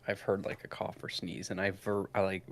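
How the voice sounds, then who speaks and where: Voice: low-pitched, flat delivery, fairly quick, a little hiss or hum. A laid-back guest in a casual chat, rambling through stories.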